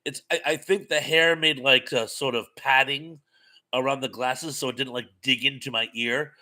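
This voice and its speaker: An older New England man hosts a live stream on a headphone mic, reading the chat and rambling through stories. He's a chatty storyteller with lively swings, speaking in a mid-range voice at a moderate pace.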